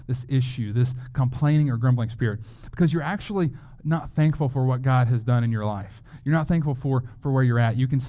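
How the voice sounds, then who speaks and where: A man's voice: mid-range voice, mellow. A man preaching a sermon as a pastor, in a conversational way, often asking rhetorical questions.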